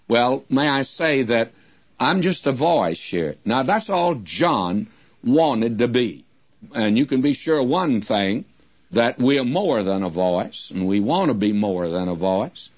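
An older man teaching the Bible on the radio, preaching slowly and deliberately with emphatic repeated phrases. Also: medium pitch, husky, no room sound. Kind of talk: radio sermon. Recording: dull lo-fi dry radio recording.

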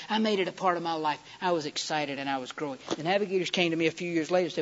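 Animated preacher man on lo-fi tape. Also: on the high side, fast talker, few pauses, slight background noise. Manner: dramatic, swings from loud excited storytelling to hushed scripture reading. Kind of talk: sermon. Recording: dull lo-fi recording.

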